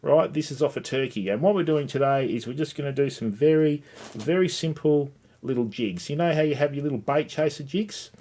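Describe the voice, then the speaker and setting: A man's voice: fairly high pitch, brisk, warm tone. A middle-aged man, hosting a casual live-stream tutorial on tying flies and chatting with viewers as he works. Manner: chatty, greets viewers by name, lots of "mate" and "okay". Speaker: livestream host teaching fly tying.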